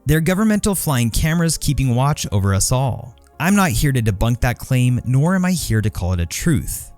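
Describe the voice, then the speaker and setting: A man's voice: mid-range voice, big pitch swings, moderate pace, darkish tone. A man reading a scripted video-essay narration in an explanatory, enthusiastic way. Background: background music.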